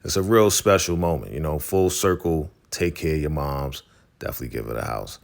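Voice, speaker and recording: A man's voice: very deep voice, brisk, gravelly. A man hosting a casual recap vlog, laid-back and calling his viewers family. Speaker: host of a TV recap channel.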